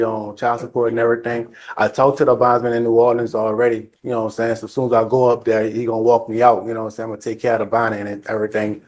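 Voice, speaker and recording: Fast, flat-toned defendant pleading. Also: male voice, mid-range voice. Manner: informal, earnest, leans on "you know what I'm saying". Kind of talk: pleading to a judge. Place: courtroom.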